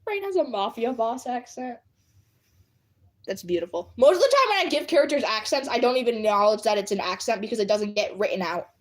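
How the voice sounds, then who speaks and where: Giggly, lively woman chatting with her viewers. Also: on the high side, brisk. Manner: giggly and animated, often bursting into laughter. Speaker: streamer. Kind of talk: casual live chat with viewers. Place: at home at her computer.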